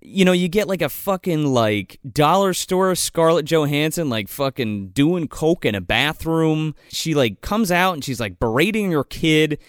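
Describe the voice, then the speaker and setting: A man's voice: fairly high pitch, expressive, measured pace, few pauses, smooth, no echo, clean studio sound. A man co-hosting a casual movie review podcast, sarcastic and profane. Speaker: podcast co-host.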